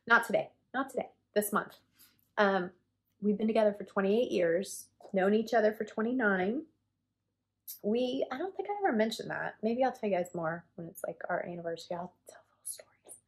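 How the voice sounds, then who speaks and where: A woman's voice: mid-range voice, moderate pace. A woman in her forties chatting casually to camera as a cross stitch vlogger, rambling and self-deprecating with lots of fillers.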